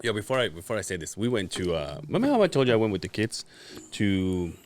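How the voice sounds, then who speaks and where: A man's voice: lowish voice, sing-song, fast, slight background noise. A man co-hosting a podcast, telling rambling stories in casual chat, swearing freely and laughing often. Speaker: podcast co-host.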